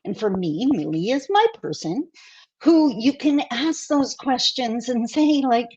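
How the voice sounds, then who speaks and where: A woman with a higher voice chats candidly on a podcast and often laughs at herself. She is heard over a video call that sounds a bit dull and lo-fi. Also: animated, unhurried, a little mellow, husky. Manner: laughing, candid, self-mocking. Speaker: podcast co-host.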